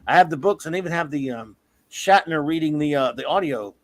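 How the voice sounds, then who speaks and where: A man in his fifties hosting a casual comics talk stream, an animated storyteller who often breaks into laughter. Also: fairly high pitch, a little fast, dry recording. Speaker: comics podcast host. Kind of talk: casual live-stream chat.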